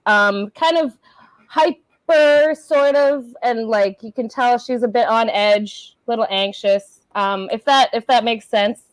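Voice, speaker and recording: A woman's voice: on the high side, no echo, low-quality recording. A woman who wrote the play, chatting and laughing as she explains a scene and gives directions. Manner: chatty, laughs often, bossy cues. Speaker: playwright directing a reading. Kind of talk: casual chat, explaining a scene.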